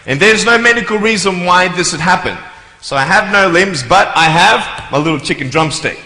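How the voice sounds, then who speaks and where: A motivational speaker gives a funny live talk in a large hall, his high-pitched voice animated, bright and forceful at a normal speed. He jokes playfully and acts out voices and sound effects, and the echoey room adds long reverb and faint ambience.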